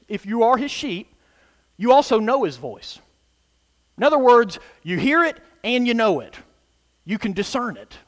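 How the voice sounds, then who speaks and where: A man preaching with a high voice that swings widely in pitch. He talks emphatically and throws call-and-response asides to his listeners, and the sound carries a long hall reverb. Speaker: pastor. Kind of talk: sermon.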